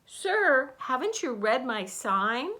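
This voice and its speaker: A woman voicing a small, brave male mouse dentist who speaks firmly and shouts orders. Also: sits high, sing-song, a little slow, pitched above the performer's own voice, full character voice. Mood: stern. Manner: shouting, firm.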